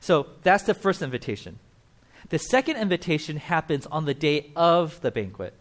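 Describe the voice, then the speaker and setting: A man's voice: on the high side, big pitch swings, normal speed. A man preaching a casual, conversational sermon at a church, explaining with asides and acting out quotes. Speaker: pastor.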